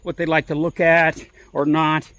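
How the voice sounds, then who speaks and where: A man's voice: fairly high pitch, flat delivery, moderate pace, fairly bright tone. A man vlogging as he walks, telling a story in a rambling, chatty way full of restarts and asides. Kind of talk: casual storytelling on a walk.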